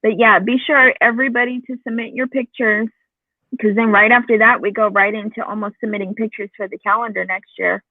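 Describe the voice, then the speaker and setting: Mulher animada em linha telefônica metálica. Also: female voice, fairly high pitch, fairly quick, dry recording. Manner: animated storyteller, laughs often, acts out quotes. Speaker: participant in a support group call. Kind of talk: casual chat. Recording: tinny phone line, dry.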